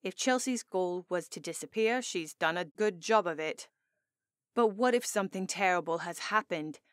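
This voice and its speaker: A woman's voice: on the low side, normal speed, no room sound. A woman narrating a first-person romance audiobook in an intimate, earnest storytelling manner, on a close studio mic.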